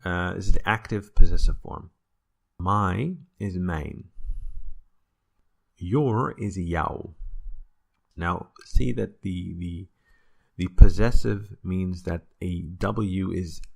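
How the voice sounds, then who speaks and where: Deep gravelly guy doing a chill language lesson, lots of ums and little jokes. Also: slow pace. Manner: relaxed explaining, with fillers and corrections. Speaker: Dutch language teacher. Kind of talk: casual video lesson.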